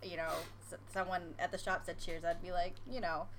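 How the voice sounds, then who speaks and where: A woman's voice: lowish voice, flat delivery, fairly quick, a bit bright, a little hiss or hum. An American woman who works in a coffee shop, chatting casually on a podcast with lots of laughter and filler words. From United States. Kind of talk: casual chat.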